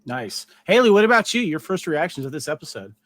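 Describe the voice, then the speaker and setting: A man hosts a casual podcast, his voice a little high and swinging freely up and down. He keeps things moving with quick affirmations and questions for the guests. The sound is dry and close. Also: no room sound. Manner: lively, brief affirmations, steers the conversation. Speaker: podcast host.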